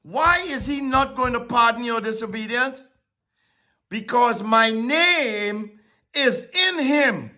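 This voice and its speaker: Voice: mid-range voice, animated, takes it slowly, sharp tone. A Bible teacher preaching a sermon-style lesson, who asks rhetorical questions and repeats key phrases for emphasis.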